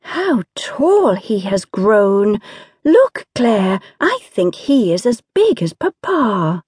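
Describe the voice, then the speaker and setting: A woman reading an audiobook, voicing an excitable tomboyish young girl in a high, gushing voice. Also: slow, slightly rough, no echo, studio quality, heavily acted. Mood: excited.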